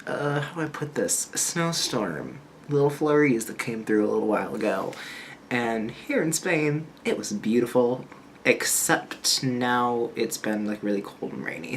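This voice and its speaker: A young American man chatting casually in a travel vlog, rambling and laughing often into a handheld camera. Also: medium pitch. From United States. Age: young adult. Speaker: vlogger. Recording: loud background noise.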